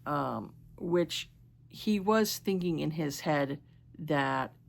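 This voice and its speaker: A woman's voice: low voice, expressive, very slow, gravelly. A woman vlogger casually recapping a romance novel, rambling with many fillers and restarts, and sometimes stumbling over words. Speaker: book vlogger.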